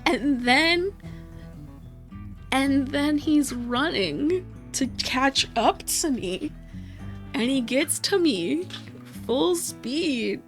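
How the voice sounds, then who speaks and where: A woman's voice: high voice, lively intonation, extremely slow, pauses often. A young woman vlogger telling casual stories in a rambling, laid-back way, swearing freely and laughing often. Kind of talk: casual storytelling while crafting. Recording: faint music behind.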